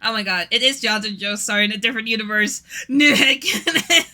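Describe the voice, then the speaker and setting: A woman's voice: a little high, a little fast, bright, forceful tone. A Norwegian-speaking woman streaming casually, rambling and giggling often while chatting to viewers. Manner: giggly, rambling, self-deprecating.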